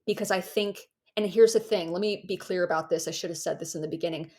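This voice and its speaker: Here an author and former Jehovah's Witness activist, guesting on a podcast, tells a story animatedly. She talks fast in a fairly low pitch, mocking herself and performing the voices of characters in her anecdotes as part of casual interview storytelling.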